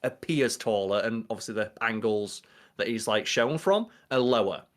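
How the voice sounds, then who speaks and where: A man's voice: lowish voice, expressive, normal speed. A young adult man co-hosting a podcast, chatting casually and riffing with a lot of swearing. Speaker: podcast co-host. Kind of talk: casual chat.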